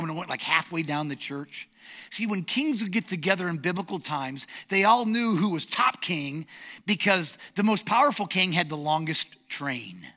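A middle-aged man preaching a sermon as pastor, telling stories in an animated, self-deprecating way. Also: high voice. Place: church sanctuary.

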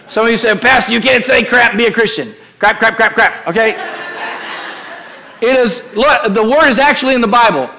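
Preaching in church with emphasis and directness, a middle-aged pastor leads call-and-response, asking the congregation to repeat phrases aloud. His very high voice is gravelly, bright and forceful, coming quickly with hardly any pauses.

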